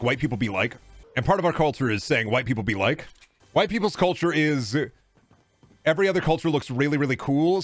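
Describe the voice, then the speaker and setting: A man's voice: mid-range voice, a bit bright. A young man streaming, rambling jokily and swearing in casual chat. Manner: jokey, profane, slips into silly put-on voices.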